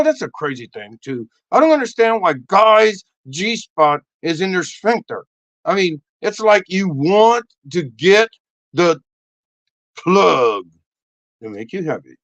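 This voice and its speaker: A man hosting a crude comedic monologue, animated and loud, often breaking into shouts. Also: a little high, no room sound, dull audio. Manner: animated, crude, bursts into shouts and silly voices. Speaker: comedy host.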